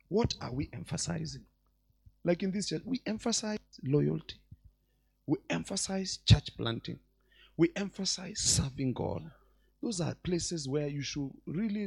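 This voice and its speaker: Animated gravelly-voiced male preacher. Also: on the high side. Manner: animated preacher, mixes shouts with quiet asides. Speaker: bishop preaching. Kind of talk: sermon. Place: church.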